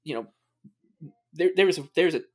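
A man's voice: a little high, lively intonation, unhurried, darkish tone. A man co-hosting a casual sports podcast, rambling with many fillers and restarts. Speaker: podcast co-host.

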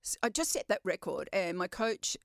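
A middle-aged Australian woman telling stories in a casual interview, lively and quick to laugh. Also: mid-range voice, dry recording, studio quality. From Western Australia. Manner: lively, chatty, laughs often. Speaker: guest, champion open water swimmer.

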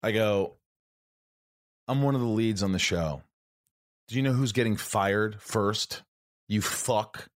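A man in casual conversation, telling stories with animated quoted dialogue and frequent swearing. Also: on the low side, slow pace, long pauses. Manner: animated storyteller, acts out quotes, swears often. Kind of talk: casual storytelling chat.

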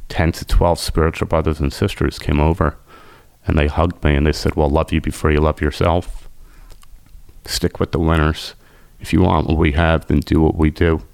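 A man's voice: rumbling low, creaky, a little mellow, no echo. A man, a podcast guest, telling his recovery story in an emotional, intense way.

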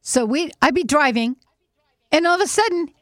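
A middle-aged woman hosting a casual chat, animated and laughing often as she acts out little quotes. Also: high voice, moderate pace, no room sound, studio quality. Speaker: host.

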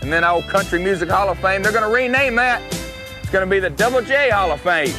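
A man plays a swaggering young wrestler with a thick Tennessee twang, bragging and sneering in a drawling promo voice. The voice sits high, and country guitar music plays loudly behind him. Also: animated, quick pace. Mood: gloating. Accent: Southern US, Tennessee. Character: cocky young male wrestler, would-be country star. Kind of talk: archival promo vignette.

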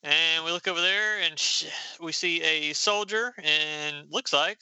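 A man's voice: on the high side, unhurried, pushed and bright, clean tone, no echo, rough recording. A man casually recapping a comic book issue, reading the characters' lines aloud in playful raised voices.

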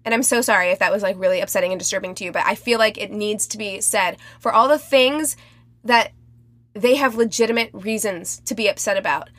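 A woman's voice: mid-range voice, fairly quick, fairly bright tone, no echo. A woman co-hosting a podcast in casual chat, talking bluntly and swearing freely. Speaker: podcast co-host.

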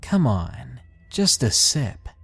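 A man's voice: mid-range voice, very animated, slow pace, creaky, a bit bright, husky, soft background music, exaggerated voice. A man voicing a pushy, creepy adult man on a late-night date, insistent and coaxing.

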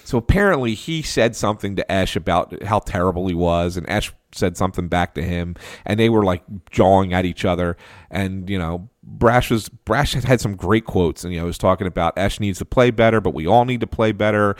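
A man with a lowish voice settles into a casual podcast story, restarting sentences and spinning the anecdote with energy. The sound is close and dry, with no room around it. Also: a little fast, no echo. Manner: animated anecdotal storyteller, frequent restarts and laughs. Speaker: podcast co-host.

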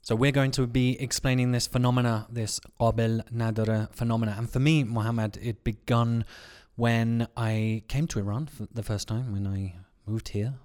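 A young man from England co-hosting a casual chat, telling stories in a lively, animated way. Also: medium pitch, brisk, hardly any pauses. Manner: animated storyteller. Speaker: podcast co-host.

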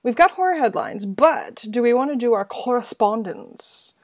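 A woman co-hosting a podcast in casual chat, playful and chiming in with jokes and quick asides. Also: fairly high pitch, very animated, darkish tone, no room sound. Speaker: podcast co-host.

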